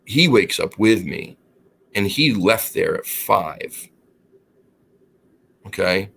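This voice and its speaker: A man co-hosting a casual chat, telling an animated, profane story and acting out the quotes. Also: on the low side, takes it slowly, gravelly, breathy edge. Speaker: co-host.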